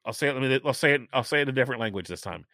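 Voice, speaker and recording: A middle-aged man hosting a casual chat, talking chattily and stressing key points by slowing down. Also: mid-range voice, lively intonation, pushed and bright, no room sound, studio quality. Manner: chatty, emphatic, repeats points slowly for stress.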